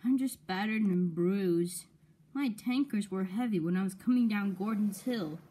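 A woman's voice: mid-range voice, unhurried, mellow, breathy edge. Woman doing a weary, shaken old male engine, toy story.

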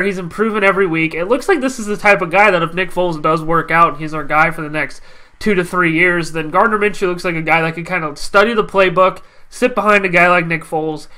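A young man hosting a casual football recap, energetic and confident, his voice stuffy from a cold. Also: high voice. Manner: energetic, confident fan talk. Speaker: sports channel host.

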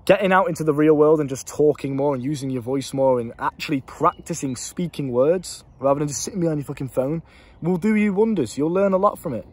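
A man's voice: fairly high pitch, brisk, husky. A young British man and life coach, talking casually to a handheld camera, swearing freely and rambling.

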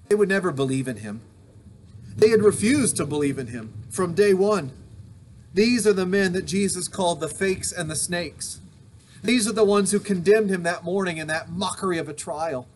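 A man's voice: sits high, lively intonation, a little slow. A male pastor giving an earnest, emphatic sermon recorded at home, returning to repeated refrains. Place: home during a thunderstorm.

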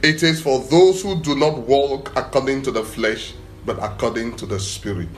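A man preaching a sermon in an animated, emphatic way, with short phrases repeated for emphasis. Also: normal speed, faint music behind. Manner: animated, emphatic preaching that swells in pitch and volume.

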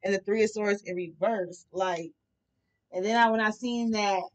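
A woman's voice: mid-range voice, moderate pace. A woman giving a casual tarot reading, blunt and profane, talking animatedly to her viewers. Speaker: tarot reader.

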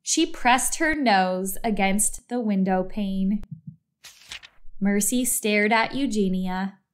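A woman reading a children's storybook aloud in an expressive, slow read-aloud style. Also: mid-range voice, clean tone. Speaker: storybook reader.

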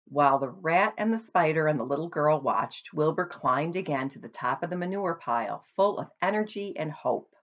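A woman reading a children's book aloud in an expressive storytelling manner. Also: low-pitched, moderate pace, hardly any pauses, dull audio. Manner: expressive, shows pictures to listeners. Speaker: storybook reader.

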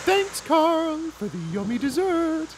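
A man voicing a herd of cheerful, chatty female farm cows in a very high, sing-song voice for a children's video. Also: very animated, takes it slowly, background noise, heavily acted. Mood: cheery.

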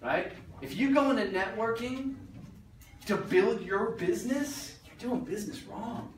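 A man's voice: high voice, expressive, unhurried, slight background noise. Blunt joking man in an echoey room. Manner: blunt, joking, swears casually. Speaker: motivational speaker. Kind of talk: live talk to a small business audience. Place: meeting room. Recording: roomy echo from far off.

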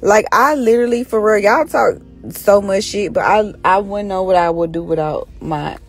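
A hoarse woman chatting casually with her followers on a phone live stream from inside a car, teasing and scolding them. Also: mid-range voice, normal speed, faint music behind. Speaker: social media personality on a live stream.

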